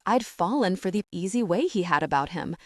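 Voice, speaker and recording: A woman narrating a first-person romance audiobook in an expressive, conversational storytelling manner. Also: fairly low pitch, fairly quick, no room sound, studio quality.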